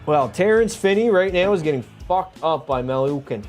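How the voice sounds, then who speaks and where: A young man with a fairly high voice streams a hockey video game and talks straight to his chat. He swears freely, gets fired up over every play, and sounds a little tipsy. Faint game music plays underneath. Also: moderate pace. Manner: profane, excitable, talks to chat. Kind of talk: live gameplay commentary.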